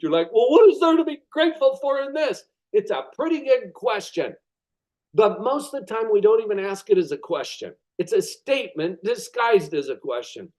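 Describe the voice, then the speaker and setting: High-voiced man giving a motivational lecture. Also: rough recording. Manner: expressive, dramatizes with acted inner thoughts; deliberate emphatic pauses on key words. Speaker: presenter of a web class.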